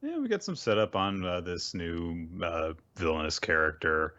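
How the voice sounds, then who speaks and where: An upbeat podcast co-host, quick to laugh, who gushes about a chapter. The voice swings very widely in pitch, especially when quoting characters. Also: sing-song, fairly bright tone, highs cut off. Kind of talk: casual chat.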